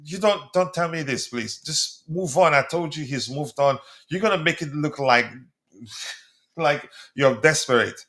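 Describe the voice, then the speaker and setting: On his live football debate stream, this South African host reads out viewers' comments and answers them in a chatty manner. English isn't his first language; he grew up speaking another South African language. His voice is fairly high and a little bright, and he takes his time.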